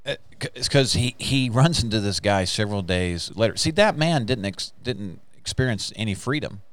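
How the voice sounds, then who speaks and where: Deep-voiced guy hosting a christian podcast, preachy and emphatic, super dry close mic. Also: expressive, moderate pace, no room sound. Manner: emphatic, exclaims hallelujah and praise the Lord. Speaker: podcast host. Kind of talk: casual faith podcast chat, preacher-like.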